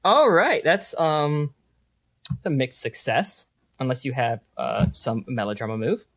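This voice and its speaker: A man running a tabletop game as game master, narrating with frequent pauses and fillers. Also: mid-range voice, animated, a bit bright. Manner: hesitant, lots of uh and um, laughing.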